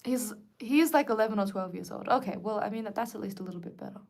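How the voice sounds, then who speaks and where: A young woman chatting casually to viewers on a livestream, lively and quick to react. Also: mid-range voice, creaky. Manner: chatty and animated, switching between English and Korean. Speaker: livestream host.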